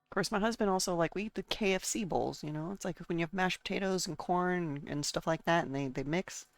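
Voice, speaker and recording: A woman's voice: on the low side, brisk, no room sound. A woman streaming a game and chatting casually, rambling from one thought to the next and talking to her chat and herself.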